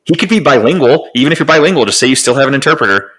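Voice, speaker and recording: A man in casual podcast sports talk, medium-pitched voice. He rambles and restarts his sentences often and swears freely. His tone stays loose and conversational. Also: lively intonation, very fast, fairly bright tone, breathy edge, rough recording. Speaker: podcast co-host.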